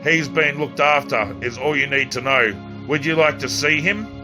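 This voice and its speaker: A man's voice: fairly high pitch, normal speed, over music, lightly acted. A man voicing a sinister, polite male cult leader speaking on the phone in an audiobook. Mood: menacing calm. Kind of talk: audiobook character reading.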